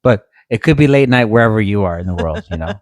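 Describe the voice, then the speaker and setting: A man's voice: lowish voice, expressive, fast talker, no echo. A man co-hosting a casual podcast chat, easygoing and joking, with lots of fillers. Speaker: podcast co-host.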